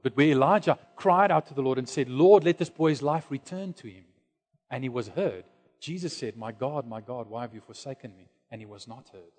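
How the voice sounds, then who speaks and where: A man preaching a sermon, dropping to hushed low lines and then rising to loud, high exclamations. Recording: long hall reverb.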